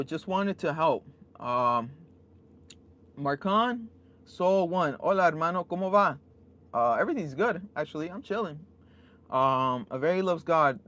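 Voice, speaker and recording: Laid-back man reading live chat. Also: fairly high pitch. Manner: laid-back, reads chat names haltingly. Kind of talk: casual live-stream chat. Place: inside a parked van.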